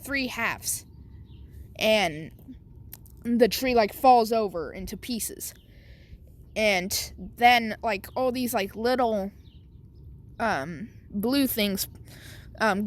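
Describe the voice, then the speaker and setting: A woman improvising a fan story aloud, halting often with fillers as she goes. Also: on the high side. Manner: halting, full of "like" and "um".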